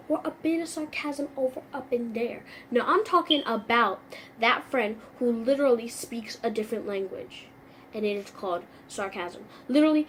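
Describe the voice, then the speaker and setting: Young female vlogger, comic and animated, higher-pitched voice, faint background hiss. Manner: animated, sarcastic, acts out little scenes. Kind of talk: comedic vlog monologue.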